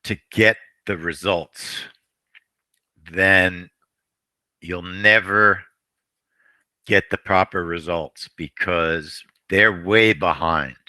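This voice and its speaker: Male trading host, very low bright voice, unhurried, repeats himself, dry sound. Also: steady tone, no echo. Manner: rambling, repeats phrases, frequent throat clearing. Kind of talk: live trading commentary.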